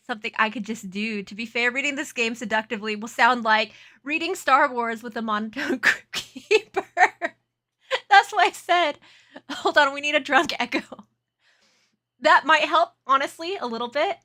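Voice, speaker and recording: Giggly female streamer, bright, fairly high voice, casual chat with viewers. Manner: giggly, laughs often, flustered and chatty.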